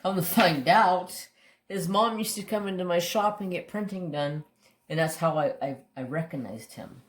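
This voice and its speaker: A man's voice: sits high, moderate pace. A man hosting a crafting channel tells stories in a casual, rambling way while he works at his craft table. He talks candidly, swears mildly and often restarts his sentences. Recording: roomy echo.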